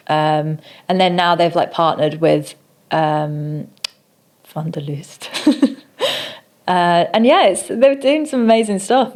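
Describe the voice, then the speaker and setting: A young woman from the north of England chats casually as a podcast guest. Her voice sits a little low for a woman, and her talk runs loose, full of "like"s and "um"s. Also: a little mellow. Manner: chatty, lots of likes and ums. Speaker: guest, fashion designer.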